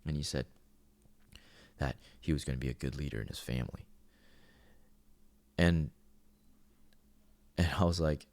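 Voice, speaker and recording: A man in his thirties with a very deep voice and a rough, gravelly edge, recorded close and dry. He talks earnestly in a loose monologue and often stops to restart his sentences. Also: unhurried, pauses often, darkish tone, no room sound. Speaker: podcast host. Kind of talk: casual spoken monologue.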